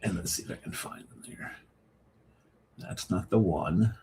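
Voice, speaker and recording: Low-voiced man chatting on a podcast. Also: measured pace, background noise. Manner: chatty, tells anecdotes, laughs often. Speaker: podcast co-host. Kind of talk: casual chat.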